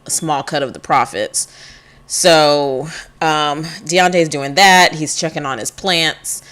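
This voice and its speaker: A woman with a low voice narrates a life-sim game in a loose, rambling style. She giggles often and fills her talk with ums and likes. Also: a bit bright. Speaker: let's play host. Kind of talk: casual game commentary.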